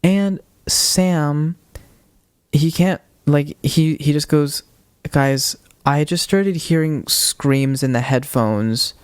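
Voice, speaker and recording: Young man, podcast co-host; slightly higher voice, dry close recording; casual, animated storytelling. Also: slow pace, clean tone, no room sound. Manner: retelling a ghost video with quoted voices, animated.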